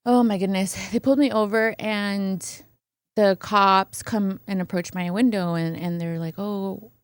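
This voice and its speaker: A woman's voice: medium pitch, a little slow, smooth, no echo. Woman retelling a story animatedly. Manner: animated retelling, acting out quoted voices, fillers like "right?". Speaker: guest. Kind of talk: conversational storytelling.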